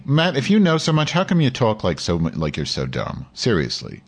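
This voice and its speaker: A man's voice: deep voice, very animated, moderate pace, hardly any pauses, slightly rough. Foul-mouthed man stumbling through a news read. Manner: profane, sarcastic, stumbles over words while reading. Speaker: show host. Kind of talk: casual live show, reading news aloud.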